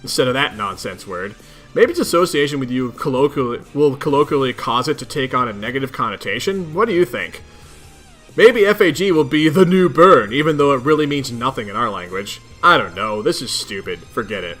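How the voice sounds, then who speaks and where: A man's voice: mid-range voice, animated, fairly quick, fairly bright tone, soft background music, pitched below the performer's own voice. Man doing a cranky, foul-mouthed troll leader. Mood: ranting. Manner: gruff, exasperated ranting with heavy swearing.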